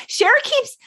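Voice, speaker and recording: A woman in her forties hosting a podcast, recapping a film in animated casual chat, quoting characters and laughing often. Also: slight background noise. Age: 40s. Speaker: podcast host.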